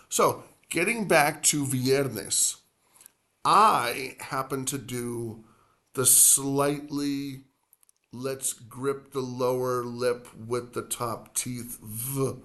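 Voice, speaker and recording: A man teaching a casual language lesson. He talks in a chatty way, wanders off on tangents, and slows down when he says words slowly and clearly. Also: medium pitch, fairly bright tone. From United States. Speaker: Spanish teacher.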